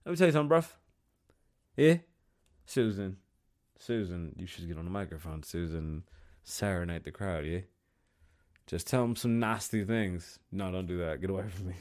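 A man hosting his own podcast, rambling and swearing, mixing English and Spanish, and high. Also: moderate pace, a little mellow. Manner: loose, swearing, switching between English and Spanish. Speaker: podcast host. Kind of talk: rambling profane monologue. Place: studio.

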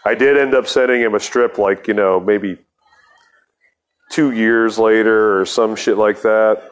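A man's voice: lowish voice, steady tone, unhurried, smooth. A man hosting a podcast, telling a rambling, profane story in a casual monologue with laughs between lines. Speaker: podcast host.

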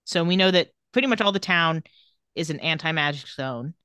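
A woman's voice: sits low, lively intonation, fairly quick, pushed and bright, smooth, no echo, studio quality. A woman co-hosting a podcast, casually recapping an episode and reading lines with wry asides. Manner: reads out dialogue with wry asides. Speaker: podcast co-host.

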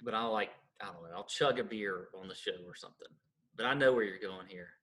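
Bright-voiced man teasing his co-host. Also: fairly low pitch, brisk. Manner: teasing, exasperated banter. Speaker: podcast co-host. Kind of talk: casual sports betting chat.

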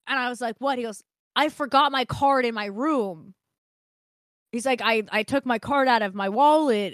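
Young woman podcast co-host, casual storyteller, crisp bright voice, dry close sound. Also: fairly high pitch, no echo. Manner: animated, swears freely, laughs often.

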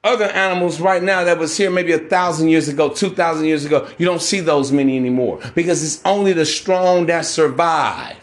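Brash podcast host, fairly high-pitched man, preachy rant. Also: a little fast, few pauses. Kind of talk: ranting monologue.

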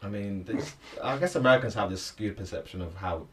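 A man's voice: fairly low pitch, animated, brisk. A laid-back man making joking asides in a group chat.

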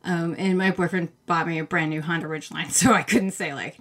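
A woman's voice: fairly low pitch, steady tone, brisk, a bit bright. A woman from Maine with a faint Maine accent, co-hosting a casual book podcast, giggly and rambling. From Maine, USA. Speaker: podcast co-host.

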